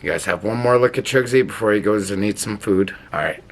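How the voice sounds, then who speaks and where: A man, the vlogger's partner, chatting briefly at home in a relaxed, short-spoken way. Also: fairly low pitch, quick pace, a little hiss or hum. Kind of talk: casual chat.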